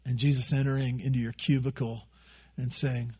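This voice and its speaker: A man preaching a sermon to a congregation in a relaxed, joking way, full of rhetorical questions. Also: mid-range voice, moderate pace, slightly rough. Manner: conversational, joking, asks many rhetorical questions. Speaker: pastor. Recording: dull lo-fi recording.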